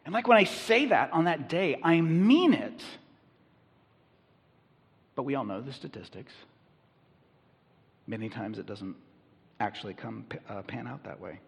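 A man's voice: mid-range voice, animated, unhurried, vocal fry, long pauses, slightly rough, long reverb tail. A man preaching a sermon as a pastor, conversational and emphatic.

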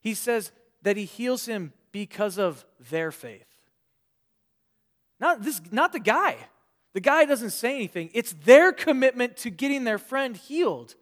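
A pastor with a high-pitched voice delivers an earnest sermon. His delivery rises to loud emphasis and then sinks to quiet, trailing phrases. He often restarts with repeated words. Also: big pitch swings, unhurried.

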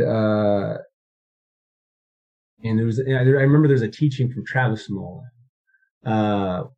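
A man's voice: mid-range voice, muffled recording. A man in his thirties, a guest recounting his life story in a casual interview, rambling with many fillers and restarts.

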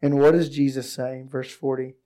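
A male pastor preaching a sermon and reading scripture aloud, his voice hoarse from a recent illness, rising to excited emphasis at points. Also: mid-range voice, moderate pace.

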